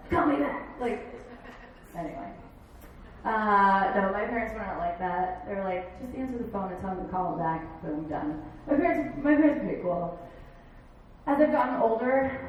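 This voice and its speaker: A woman in her thirties doing a stand-up comedy set, chatty and animated, slipping into quick impressions. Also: fairly high pitch, dull audio, a little hiss or hum. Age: 30s. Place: bar stage. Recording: echoey bar room from far off.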